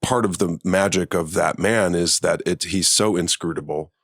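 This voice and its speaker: A man's voice: normal speed, fairly bright tone, dry recording, studio quality. A middle-aged man chatting as a podcast guest, telling stories and acting out what people said. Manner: chatty storyteller, acts out quotes in a higher voice. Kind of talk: casual conversation.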